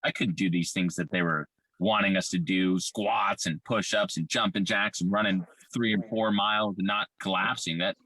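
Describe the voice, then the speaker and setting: Man with a deep, forceful voice, personal testimony, blunt and profane, halting, dry close sound. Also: steady tone, slightly rough, dry recording. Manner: candid, profane, halting with fillers. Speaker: survivor telling his story.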